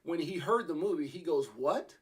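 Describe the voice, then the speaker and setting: A man's voice: medium pitch, fast. A man hosting an interview, telling a long rambling story with many restarts and fillers. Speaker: podcast host.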